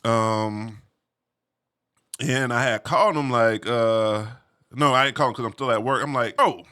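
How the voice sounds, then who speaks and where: A man recounts a story from his own life in a loose, animated way, peppered with street slang and asides to the listener. His voice is bright and forceful, sitting at an ordinary middle pitch for a man. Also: measured pace, clear, resonant tone. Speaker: vlogger telling a personal story. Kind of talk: casual storytelling.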